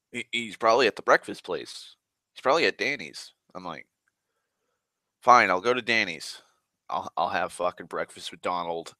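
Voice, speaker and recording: A man's voice: medium pitch, sharp tone, no echo. A man ranting in a profane, exasperated monologue about his morning. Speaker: vlogger. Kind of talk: angry rambling monologue.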